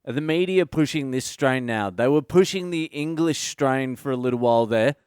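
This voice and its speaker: A man's voice: mid-range voice, normal speed, a little mellow, smooth, no echo. A man hosting a comedy podcast, delivering a profane, sardonic solo rant close to the microphone.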